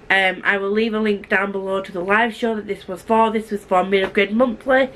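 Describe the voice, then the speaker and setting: A woman talking quickly and chattily as a book vlogger, gushing in a casual review with asides and restarts. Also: medium pitch, fairly bright tone, slight background noise, rough recording.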